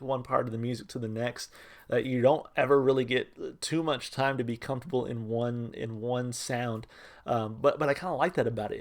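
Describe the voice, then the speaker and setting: A man's voice: mid-range voice, vocal fry. A man hosting a music reaction video, talking casually with lots of fillers, hedges and restarts. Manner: self-described untrained fan, relaxed and unpolished. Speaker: music reaction channel host.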